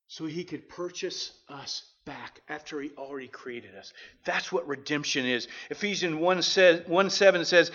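A man preaching a sermon, moving from quiet storytelling to loud proclamation. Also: a little high, measured pace. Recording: echoey room, slightly muffled.

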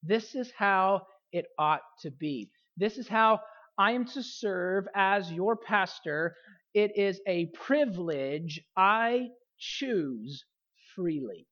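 A woman pastor delivers a sermon at a middle pitch, pressing on key phrases and repeating them. Her phrases often trail down and soften at the ends. The recording is a little dull and lo-fi. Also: animated, takes it slowly.

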